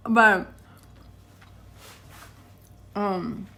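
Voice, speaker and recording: A chatty young woman talks straight to camera from her house, rambling from one thought to the next and laughing along the way. Her voice is bright and clear at a middle pitch. A faint hum of room noise sits behind her. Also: very slow. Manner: chatty, laughs often, talks to her dogs mid-sentence. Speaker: vlogger. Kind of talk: casual rambling vlog chat. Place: home, indoors.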